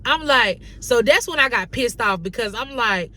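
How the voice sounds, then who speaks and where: A young woman from North Carolina telling a casual storytime on her vlog, animated and slangy, acting out the dialogue she quotes. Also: fairly high pitch, moderate pace, hardly any pauses. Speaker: vlogger.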